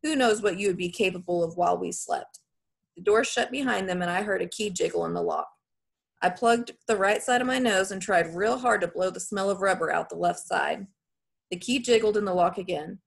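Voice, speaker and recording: Woman narrator, folksy first-person storytelling, husky tone. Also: mid-range voice. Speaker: audiobook narrator.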